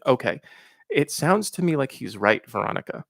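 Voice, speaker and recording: A man hosting a live question-and-answer stream, reading out viewer questions and giving frank, reflective advice with pauses and fillers. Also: medium pitch, very animated, vocal fry, fairly bright tone, no room sound, clean studio sound. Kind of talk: casual livestream Q&A.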